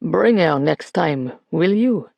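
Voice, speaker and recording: A narrator puts on an irritable old man who once served as a police officer, grumbling and curt in his replies. His voice drops a little lower and slower than the narration, with a gravelly edge. The sound is dry and close, as in an audiobook studio. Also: animated, darkish tone, no room sound, exaggerated voice. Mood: grumpy, wary. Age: older.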